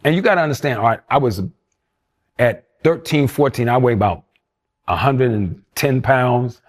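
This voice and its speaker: In an interview, a man tells stories from his youth with animation, acting out the voices of the people he quotes. His voice is medium-pitched and he talks at a normal speed.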